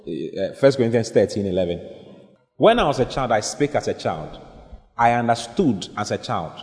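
A man preaching a sermon, stressing points by repeating phrases and rising sharply in pitch on key lines. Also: a little mellow. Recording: long reverb of a hall.

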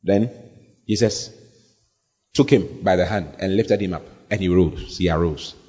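A pastor preaches in a low, mellow voice with a breathy edge, speaking a little slowly and repeating phrases to build emphasis. The recording sounds dull and has long hall reverb.

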